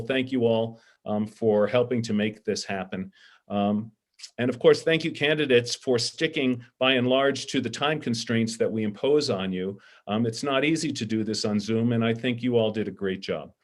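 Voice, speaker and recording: A middle-aged man moderating a candidate forum over a video call, earnest and heartfelt, pausing often with ums. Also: mid-range voice.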